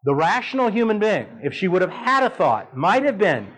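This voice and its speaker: A middle-aged man preaching, telling a story in an animated, humorous way with big swings in his voice. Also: sits high, moderate pace, few pauses, breathy edge, low-quality recording. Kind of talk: sermon storytelling.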